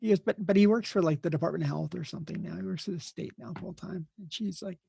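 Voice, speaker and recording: A middle-aged man with a heavily gravelly, husky voice, recorded close and dry. He tells rambling, blunt anecdotes in a casual interview, putting on the voices of the people he quotes. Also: sits high, fast talker, mellow, no room sound. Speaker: emergency nurse and podcast host, here the guest.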